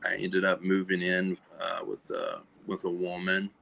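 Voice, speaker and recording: A man speaking as a podcast guest, telling a personal story candidly in a halting way, with many fillers and restarts, and often trailing off softly. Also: sits low, completely flat delivery, creaky, low-quality recording. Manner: soft-spoken, trailing off. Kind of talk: candid conversation about recovery.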